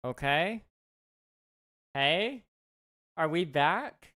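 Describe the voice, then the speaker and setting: Slow-talking young man streaming live. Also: mid-range voice, expressive, sharp tone, clean tone. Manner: chatty, talks through pauses with fillers. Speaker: livestreamer. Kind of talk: casual live-stream chat with viewers. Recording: faint background music.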